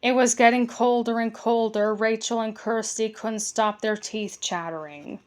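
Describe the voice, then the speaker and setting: Woman reading a kids' bedtime story, slow, gentle and a bit high. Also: steady tone.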